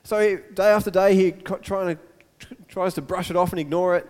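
Male preacher, high voice, animated storytelling, echoey hall. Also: a little fast. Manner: storytelling, animated, repeats words. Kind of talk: sermon.

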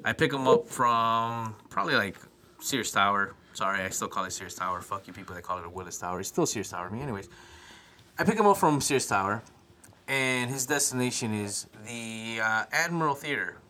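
A man's voice: mid-range voice, animated, fairly quick, sharp tone, a little hiss or hum. Rambling young man from Chicago. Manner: rambling storyteller, swears, stammers and restarts. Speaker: podcast co-host. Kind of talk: casual chat.

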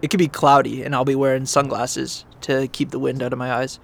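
A man's voice: mid-range voice, little pitch movement, brisk, gravelly. A man co-hosting a podcast, rambling and mocking himself in casual golf banter. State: teary right eye. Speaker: podcast co-host.

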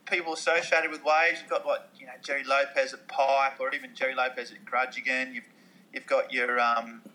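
A man's voice: medium pitch, little pitch movement, a little fast, bright, forceful tone, a little hiss or hum, low-quality recording. A man co-hosting a podcast, talking casually and searching for words. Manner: chatty, hesitant, lots of restarts. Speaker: podcast co-host. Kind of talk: casual chat.

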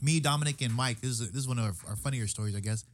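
A man's voice: medium pitch, very fast, a little hiss or hum. A man in casual chat, telling a story with lots of swearing and acting out the quoted lines. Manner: profane storytelling, acts out quotes loudly.

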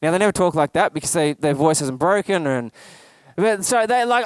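A man's voice: high voice, expressive, a little fast, no echo. A man preaching a sermon in a conversational way, asking the congregation questions. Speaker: pastor.

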